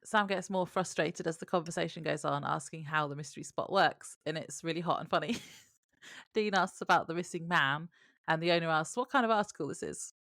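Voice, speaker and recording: A woman's voice: low voice, brisk, a bit bright, no room sound, clean studio sound. A woman co-hosting a podcast, reading out plot summaries in a matter-of-fact casual way. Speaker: podcast co-host. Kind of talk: casual chat, reading episode summary notes.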